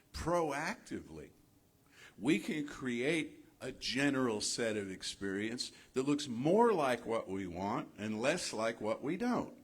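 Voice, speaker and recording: Man, minister, sermon, husky voice, slow measured delivery, rhetorical questions. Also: medium pitch. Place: spiritual center sanctuary.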